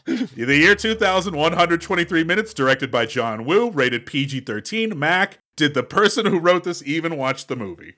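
A man co-hosting a casual comedy podcast, deadpan and mock-formal, sometimes putting on an announcer tone. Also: fairly high pitch, normal speed. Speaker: podcast co-host.

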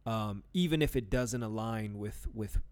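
Rambling low-voiced man chatting. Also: measured pace, darkish tone. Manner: rambling, many restarts and fillers; burps mid-talk. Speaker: podcast co-host. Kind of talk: casual chat.

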